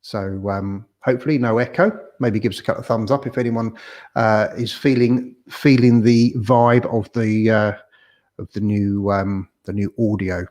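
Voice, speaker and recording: A man in a relaxed livestream chat, rambling from one thing to the next and greeting viewers by name. His voice sits a little low. He speaks close to a tripod-mounted camera microphone, so the sound is near and direct. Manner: chatty, rambling, reads viewer comments aloud. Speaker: property agent hosting a livestream. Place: home room in Tenerife. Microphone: camera microphone on a tripod by his mouth.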